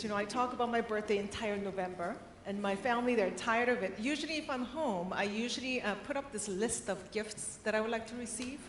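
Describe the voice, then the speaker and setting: A woman giving a conference keynote, chatty and animated, acting out the people in her stories. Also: fairly high pitch, a little hiss or hum. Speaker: keynote speaker. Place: large conference hall. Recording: roomy hall reverb.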